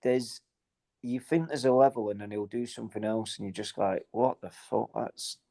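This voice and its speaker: A man co-hosting a casual football podcast, animated and swearing, often trailing off mid-thought. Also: lowish voice, fairly quick. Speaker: podcast co-host.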